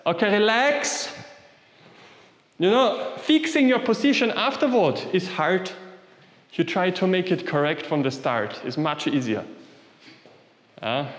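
A man leading an exercise class in short commands and simple, non-native English, often checking in with "yeah?". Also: high voice. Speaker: qigong instructor. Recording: echoey hall, voice from some distance.

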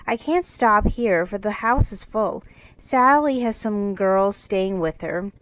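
A woman's voice: mid-range voice, takes it slowly, no room sound, close to an everyday voice, low-quality recording. A woman reading as Meg, a fretful genteel sister. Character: young woman, genteel, fussy, tired older sister.

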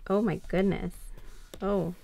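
A woman gushes over what she unboxes, talking slowly with a gravelly edge to her voice. She keeps up a casual, affectionate commentary broken by soft laughs. A steady noise sits clearly behind her. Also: medium pitch. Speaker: K-pop fan unboxing photobooks.

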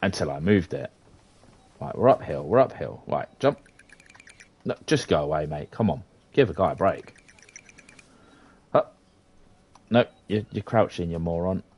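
A British man giving chatty let's-play commentary, muttering at the game with sing-song hums and sudden high exclamations. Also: lively intonation, measured pace, pauses often, a little mellow, breathy edge. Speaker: gamer playing for his sons.

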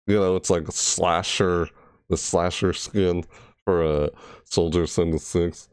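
A man's voice: low-pitched, fairly even intonation, a little slow, a little mellow, slight background noise. A man casually reacting to a game trailer, rambling and correcting himself as he goes. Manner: rambling, self-correcting, breaks into shrieked character impressions. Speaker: gaming video creator.

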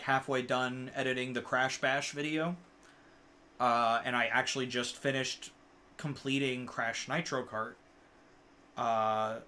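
A man with a bright, forceful voice chats casually with friends while they play games. He rambles through plenty of fillers and swears freely when he gets worked up. His pitch sits in an ordinary middle range. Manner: rambling and filler-heavy, lots of uh and like. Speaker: co-host of a gaming channel.

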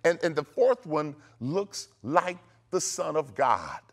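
Brief: astonished old king, stammering, pitch jumping high, a preacher doing the voice. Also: very animated, slow, full character voice. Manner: stammering in disbelief. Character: astonished ancient male king.

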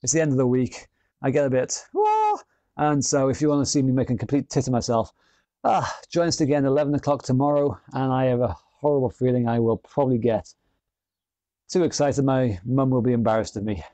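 A man's voice: mid-range voice, steady tone, fast, mellow, no room sound. A man leading an online workout class, counting down rounds and encouraging people in an upbeat way. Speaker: fitness instructor.

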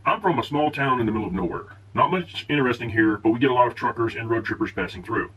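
A man reading online posts aloud in a plain, steady way, with the odd stumble over a word. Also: mid-range voice, quick pace. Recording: distant, dull and husky-sounding.

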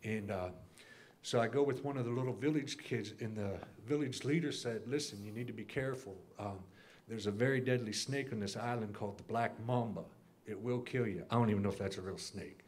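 A man in a church class recounting a long dream in detail, acting out the lines of the people in it and clearing his throat often. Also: on the low side, brisk, darkish tone, slight background noise. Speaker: class member sharing a dream.

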